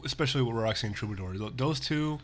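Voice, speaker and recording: A man's voice: mid-range voice, expressive, quick pace, faint music behind. A man, a musician guest on a podcast, talking in a laid-back way, repeating words and calling people dude. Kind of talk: casual interview chat.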